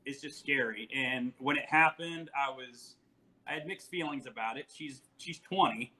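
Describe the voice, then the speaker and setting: Man, forties, podcast guest, storytelling, animated, laughing, bright tone. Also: mid-range voice, moderate pace, low-quality recording. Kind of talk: casual podcast chat.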